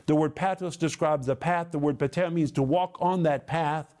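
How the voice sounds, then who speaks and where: A man preaching a Bible lesson with a slightly higher-than-average voice. He speeds through some phrases, then slows way down to lean hard on key words. His delivery is emphatic and insistent. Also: steady tone, darkish tone. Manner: emphatic, sweeping shifts from quick bursts to slow drawn-out stresses. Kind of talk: televised Bible teaching.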